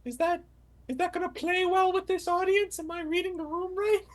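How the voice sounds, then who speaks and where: A woman's voice: very high voice, fairly quick, poor audio. A woman player telling a rambling, goofy story in character at a tabletop game. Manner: rambling, goofy comedic delivery.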